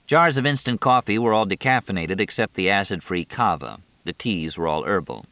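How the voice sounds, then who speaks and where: A man reading a story aloud as narrator, in an expressive storytelling manner. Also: low-pitched, a little fast, hardly any pauses, no echo. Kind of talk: audiobook narration.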